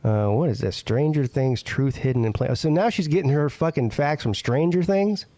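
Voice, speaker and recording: A man's voice: medium pitch, moderate pace, warm tone, dry recording. A man hosting a casual live-stream talk show, bantering loosely with his co-hosts and laughing often. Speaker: host.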